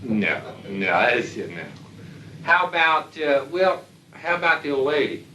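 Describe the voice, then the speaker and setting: A man's voice: on the high side, sing-song, a little slow, sharp tone, a little hiss or hum. A man giving a lecture to military aviators in a blunt, folksy way with salty humor. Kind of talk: lecture to an audience. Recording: echoey hall, distant mic.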